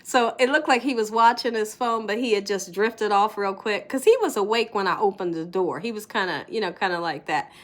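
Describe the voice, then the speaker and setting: Speaking fairly quickly with few pauses at a medium pitch, a middle-aged home vlogger tells a story with animation, often laughing and lowering her voice to whispers.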